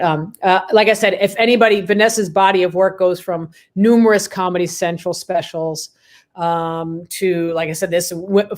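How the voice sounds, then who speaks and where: A woman comedian co-hosting a podcast, talking in a rambling, halting way with many fillers. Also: on the low side. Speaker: co-host comedian. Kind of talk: casual chat.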